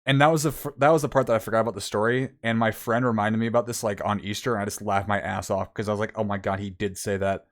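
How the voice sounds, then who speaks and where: A man's voice: on the low side, fairly even intonation, fast talker, few pauses. A young man streamer telling a long story in casual chat, rambling with many fillers and acting out what people said.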